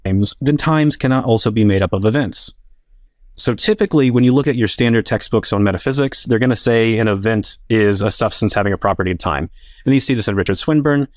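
A man with a low, dry-sounding voice lays out an academic argument in a debate. He talks casually, leaning on frequent fillers as he goes. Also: fairly quick, no room sound. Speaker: philosopher in a debate.

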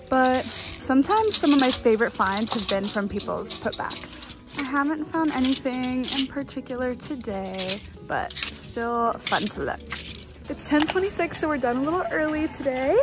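Bubbly young woman vlogger, high voice. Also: very noisy. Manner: bubbly and chatty, trendy slang, squeals and laughs often. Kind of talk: day-in-my-life vlog narration. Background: music.

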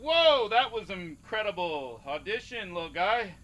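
An actor playing a tired male casting director running auditions in a flat, businesslike way. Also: high voice, unhurried, a little hiss or hum, full character voice. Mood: bored.

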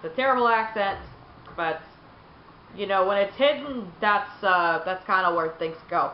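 A woman's voice: medium pitch, moderate pace. A woman giving casual, rambling commentary over her gameplay, joking at her own expense. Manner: rambling, self-deprecating, laughs at own jokes. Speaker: gaming video creator. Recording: roomy, muffled, faint noise.

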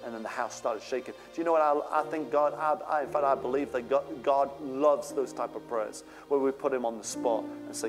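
A man's voice: medium pitch, fairly even intonation, brisk, hardly any pauses, over music. A male pastor preaching a sermon with fervent, rising outbursts.

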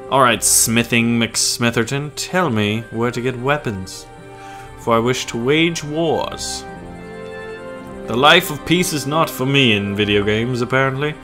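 A man's voice: medium pitch, slow pace, long pauses, sharp tone, faint music behind. A man with a scratchy voice, giving joking, casual commentary on a game as he plays. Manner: playful, jokey, casual. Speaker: gaming channel host. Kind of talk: let's play commentary.

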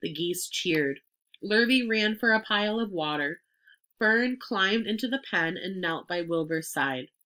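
A woman reading a children's storybook chapter aloud, expressive and clear. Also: medium pitch, measured pace. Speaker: reader.

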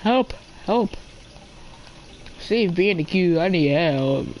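A man's voice: fairly high pitch, normal speed, darkish tone, rough recording. Teen boy, gamer, playful casual chat, faint background noise. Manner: playful, chatty, talks to game animals.

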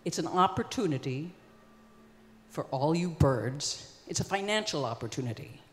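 An ancient male poet with a pushy salesman's pitch rings out across a concert hall, as a woman storyteller puts him on. He sits somewhat higher than the teller's own voice, and a long reverb trails each phrase. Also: expressive, normal speed. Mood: eager pitch. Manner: eager, pushy salesman talk. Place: concert stage.

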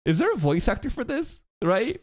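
A man's voice: very high voice, sing-song, moderate pace. A man reacting live to an anime as a streamer, laughing often, teasing the characters and swearing freely. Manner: teasing, mock-outraged asides. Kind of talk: casual live reaction commentary.

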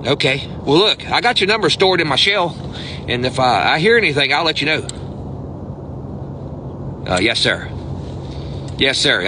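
A man from the United States doing a comic one-sided phone call, earnest and polite, stammering as he restarts his sentences. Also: a little high. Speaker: comedian. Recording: background noise.

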